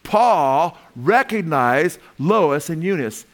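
A man preaching a lively sermon with touches of humor, often asking the congregation "Amen?". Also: fairly high pitch, slow. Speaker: pastor.

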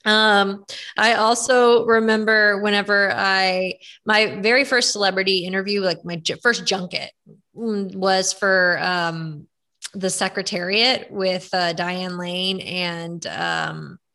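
A young woman chatting casually, telling animated stories with lots of fillers. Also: mid-range voice, takes it slowly. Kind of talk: casual chat.

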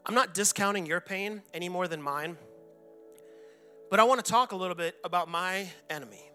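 A man in his forties preaches in a church sanctuary, telling his own story with earnest conviction. His voice sits high for a man and rings bright. Soft music plays underneath. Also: moderate pace. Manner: earnest personal testimony, reenacts his own anguished shouting prayers. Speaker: pastor. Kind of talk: sermon.

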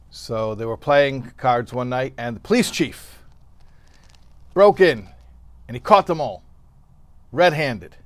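A man giving a weekly Torah lesson who reads Hebrew verses and then translates them. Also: mid-range voice. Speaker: Torah teacher.

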